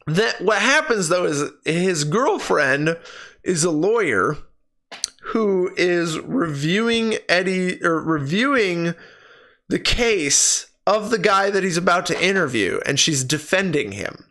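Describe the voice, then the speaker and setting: A man reviews a film into his streaming mic, ranting and swearing as he goes. His voice is bright and forceful, and it sits a little high for a man. His pitch swings widely from line to line. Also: animated, slow. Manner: ranting and exasperated, swears freely. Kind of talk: casual spoken film review. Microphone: personal streaming microphone.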